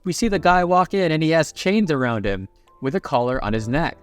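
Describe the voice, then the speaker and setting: A man's voice: on the high side, big pitch swings, a little fast, clean tone, faint music behind. Chatty man recapping a story. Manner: chatty, playful asides.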